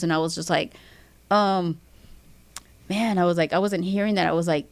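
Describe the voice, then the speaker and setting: A woman's voice: mid-range voice, moderate pace, pauses often, a little mellow, smooth, dry recording. A woman guest, a fight promoter, talking bluntly and emotionally with heavy swearing. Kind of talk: emotional interview talk.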